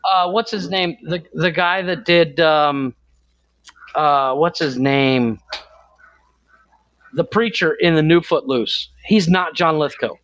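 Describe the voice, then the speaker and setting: A man's voice: on the high side, slow, pauses often, fairly bright tone. Rambling podcast co-host man, dull lo-fi sound. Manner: rambling, searching for words. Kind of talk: casual chat.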